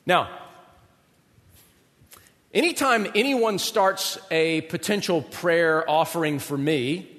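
A man's voice: a little high, slow, pauses often, a bit bright, in a large hall. A male pastor preaching a sermon in a conversational way, often asking rhetorical questions.

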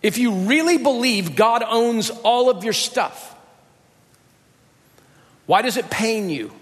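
A man's voice: very high voice, animated, slow, fairly bright tone. A man preaching a sermon, emphatic and repeating rhetorical questions. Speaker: pastor. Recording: long reverb of a large hall.

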